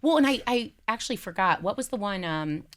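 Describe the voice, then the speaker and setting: A woman in her forties from Iowa, co-hosting a casual podcast chat with lively, jokey asides. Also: medium pitch. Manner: animated, jokey, quick asides. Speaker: co-host and guest on a talk podcast.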